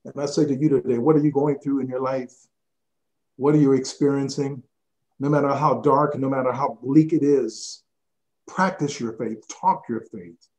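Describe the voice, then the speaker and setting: A man preaching a sermon, telling a story with frequent restarts and repeated "he said", then leading a quiet closing prayer. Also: mid-range voice, moderate pace, poor audio. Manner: storytelling, rising to excited shouting when quoting, then hushed in prayer. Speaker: pastor. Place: church broadcast.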